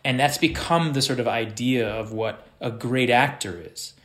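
A man at an ordinary middle pitch, talking in a halting way as he feels for the right words. His voice carries a roomy echo. The talk is loose and conversational. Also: a bit bright. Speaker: actor guest. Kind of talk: casual conversation.

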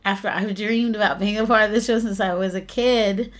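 A woman's voice: mid-range voice, a little fast. A young woman from the United States, an actress and singer, chatting in an interview and telling stories with frequent laughter. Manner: animated storytelling, laughs often. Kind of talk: casual interview chat.

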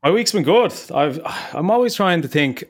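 A man's voice: on the high side, animated, moderate pace. A man hosting a podcast in casual, upbeat chat, laughing often. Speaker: podcast host.

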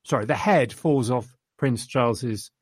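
In a casual chat, a podcast co-host reviews a film he enjoyed, rambling with enthusiasm and quoting lines. His mid-range voice is unhurried, and the studio-quality audio has no room sound.

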